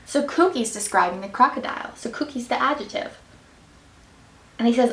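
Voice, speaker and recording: Woman teacher, high encouraging voice, quizzing kids, recorded from afar in an echoey room. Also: brisk, pauses often, recorded from a distance. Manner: bright, encouraging teacher voice with a singsong lilt. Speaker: student teacher reading a picture book. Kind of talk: reading aloud and quizzing children on grammar.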